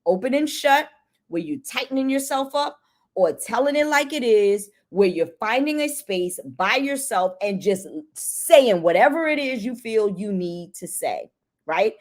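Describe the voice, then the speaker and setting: A woman's voice: a little high, lively intonation, a little slow. A woman giving a casual motivational talk on self-care to caretakers. She is chatty and emphatic, asks rhetorical questions and repeats words for emphasis.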